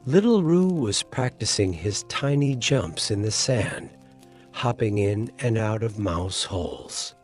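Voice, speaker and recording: A man narrating a bedtime sleep story in a soft, soothing, unhurried way. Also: lowish voice, sing-song. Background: soft music.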